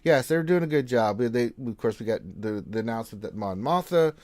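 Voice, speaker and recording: A man hosting a casual gaming livestream, reading out viewer greetings and answering them in a relaxed, chatty way. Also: mid-range voice, a little fast, no echo. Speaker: game streamer host.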